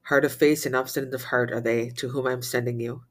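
Male prayer reader, flat even delivery, steady liturgical recitation of psalms and readings. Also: medium pitch, fast talker. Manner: steady chanting recitation with slips and restarts. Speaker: prayer leader.

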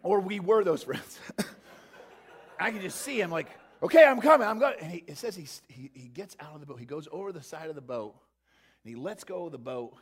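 A pastor preaching a sermon to his church in an animated way, sometimes acting out the disciples in playful voices. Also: fairly high pitch, moderate pace, slightly rough.

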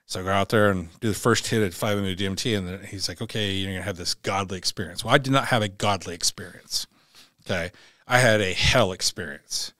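Blunt low-voiced man telling a story. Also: a little fast, bright, forceful tone, dry recording, clean studio sound. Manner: blunt and profane, acts out quoted dialogue. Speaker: podcast guest, former Navy SEAL. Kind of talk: candid personal storytelling.

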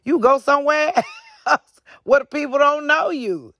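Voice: sits high, unhurried, no echo, dull audio. A podcast host telling a story in a casual monologue, swearing freely and acting out the quotes. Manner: profane, animated, lots of acted quotes.

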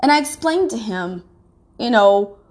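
A woman telling a painful personal story in a halting, emotionally raw way, often restarting her sentences and swinging from quiet to sharp outbursts. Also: fairly high pitch, expressive.

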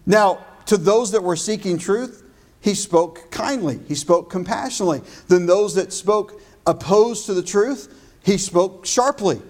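A man with a high voice preaches a sermon. His delivery is emphatic, and he slows and stresses his key phrases. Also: a little mellow. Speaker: pastor.

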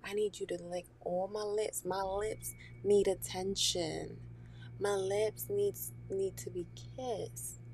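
A woman's voice: mid-range voice, fairly even intonation, slow pace, a little mellow, a little hiss or hum. A woman talking candidly and profanely in a casual chat, laughing often and dropping into whispery asides.

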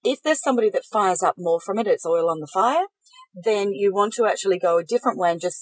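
A middle-aged woman, giving calm, measured coaching advice in a casual podcast chat. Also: mid-range voice, dry recording, rough recording. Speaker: podcast co-host, life coach.

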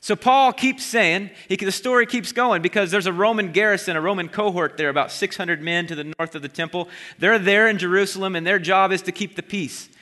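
A man preaching a sermon, retelling a Bible story in a lively storytelling way and briefly acting out the voices of the crowd. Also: high voice, brisk, few pauses. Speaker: pastor. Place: church sanctuary. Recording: long hall reverb.

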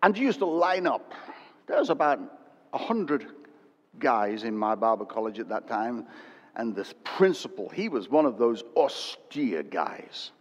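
Older pastor preaching, animated storytelling, echoey church hall, dull sound. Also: male voice, mid-range voice, unhurried. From England. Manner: animated storytelling that swings from loud to hushed. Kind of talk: sermon.

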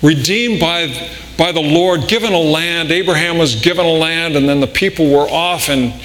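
Slow preaching guy, kinda high voice, big echoey church, faint hum behind. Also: fairly bright tone. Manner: slow, deliberate delivery with repeated words and restarts. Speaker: pastor. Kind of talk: sermon. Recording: long reverb in a large hall, faint room noise.

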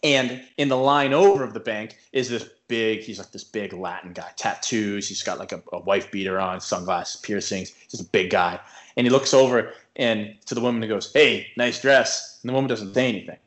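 A man's voice: fairly low pitch, a little fast. A man co-hosting a podcast, telling a long story in casual chat, full of filler words and acted-out quotes. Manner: rambling, heavy filler words, retells stories with acted-out quotes. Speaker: podcast co-host.

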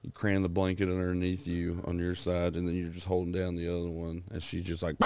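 Low gravelly man, crude banter. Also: warm tone. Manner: crude, laughing, acts out silly voices. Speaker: podcast co-host. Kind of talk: crude casual chat.

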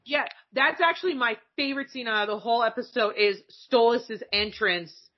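A woman's voice: on the high side, moderate pace, breathy edge. A woman reviewing a cartoon episode in casual chat, acting out the characters' lines with big swings in her voice and swearing freely. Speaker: podcast co-host. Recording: dull lo-fi recording.

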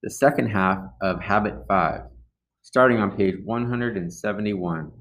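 A man's voice: lowish voice, moderate pace, a bit bright. A man reading a self-help book aloud in an earnest, amateur audiobook style, with some slips and restarts. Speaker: audiobook reader.

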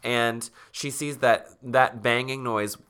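A man's voice: mid-range voice, steady tone, slow, a bit bright, clean tone. A man co-hosting a casual podcast, retelling a spooky children's book with playful quoted voices. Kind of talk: casual chat.

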